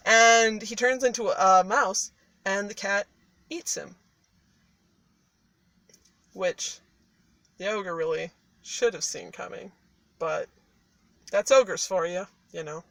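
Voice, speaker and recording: A woman's voice: medium pitch, takes it slowly, long pauses, fairly bright tone, no echo. A woman casually retelling a fairy tale in a parked car, chatty and irreverent, with swearing and laughing asides. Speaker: storyteller.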